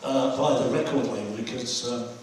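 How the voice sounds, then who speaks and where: A man's voice: medium pitch, moderate pace, a little mellow, slight background noise. An older man hosting an audience Q&A after a film screening, telling chatty anecdotes. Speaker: host taking audience questions. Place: screening hall. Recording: echoey hall from far off.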